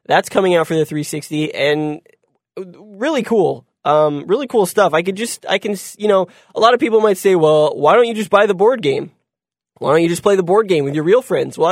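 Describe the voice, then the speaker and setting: A man hosts a casual gaming show, rambling with lots of ums and restarts and chuckling whenever he stumbles over words. His voice is high-pitched, and the recording is dry and studio quality.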